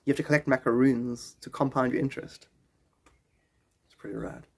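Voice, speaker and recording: A man's voice: medium pitch, steady tone, fairly quick, creaky, husky. A man livestreaming, rambling casually and chatting with viewers in his chat. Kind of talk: casual live-stream chat.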